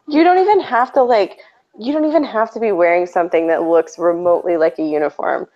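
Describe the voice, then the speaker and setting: A young woman co-hosting a stream, chatting casually and telling animated stories full of "like". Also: medium pitch, moderate pace, long pauses, muffled recording. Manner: animated storytelling, lots of "like", giggly. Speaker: stream co-host. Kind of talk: casual chat.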